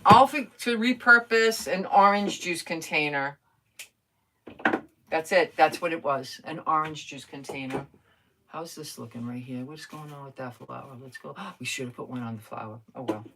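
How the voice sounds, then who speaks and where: A woman's voice: low voice, normal speed, noisy background. An older woman chatting casually while crafting on a live stream, talking to herself and answering viewer comments.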